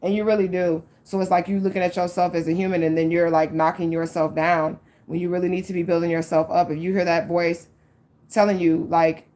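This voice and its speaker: A woman with a slightly low voice gives a casual spiritual card reading. She talks straight to her viewers, blunt and profane, with lots of "like" and "okay?" between thoughts. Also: level tone, fairly quick, dark tone. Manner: frank and profane, with many likes and okays; earnest, speaks straight to the audience. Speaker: psychic tarot reader.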